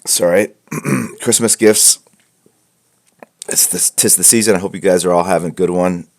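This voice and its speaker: A man with a very deep voice and a rough, gravelly edge talks casually to a live stream audience. He rambles, jokes and restarts his sentences, with plenty of fillers. He wears headphones and talks from a room at home filled with comic books. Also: fairly even intonation, normal speed, darkish tone. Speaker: host of a live art portfolio critique stream. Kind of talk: casual livestream chat. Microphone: wearing headphones.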